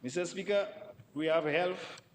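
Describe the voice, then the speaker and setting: A man speaks in a parliamentary debate. He is emphatic and piles up repeated words for stress, in a somewhat high voice. The chamber adds a long reverb under a faint noise floor. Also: a little slow. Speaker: member of parliament.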